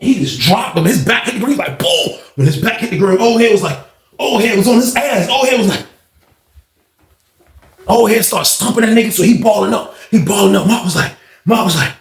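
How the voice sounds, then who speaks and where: A man telling a story in a casual, animated, slangy way, acting out the scenes. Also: high-pitched, fairly quick, vocal fry, echoey room.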